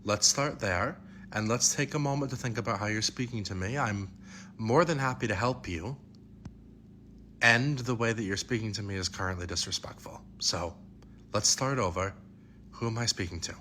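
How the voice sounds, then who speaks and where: Guy doing a comedy skit, calm lecturing tone, bright voice, bit of noise behind. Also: lowish voice, moderate pace. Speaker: comedy skit creator playing a residence hall staffer. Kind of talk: comedy sketch acting.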